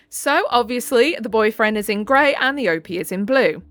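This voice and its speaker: Chatty woman, lively voice. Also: on the high side, measured pace, long pauses, no echo. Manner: chatty, reacts with laughter and exclamations. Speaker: channel host reading online posts. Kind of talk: casual reading with commentary.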